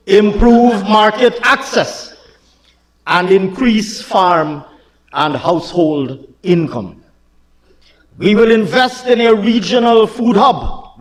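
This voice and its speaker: Guyanese male minister, very high voice, emphatic parliamentary speaker who hammers points home, long reverb of a parliament chamber. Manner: emphatic, repeats lines, builds to shouting at the opposition. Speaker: government minister presenting the budget. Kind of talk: parliamentary budget speech.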